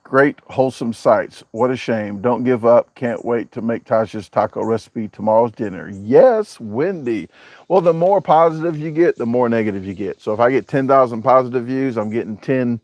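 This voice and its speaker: A man's voice: mid-range voice, moderate pace, a little mellow, no echo. A man, hosting a casual live chat, reading out viewer comments and joking as he rambles. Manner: joking, rambling, with a southern-US way of talking. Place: home, showing a backyard on camera.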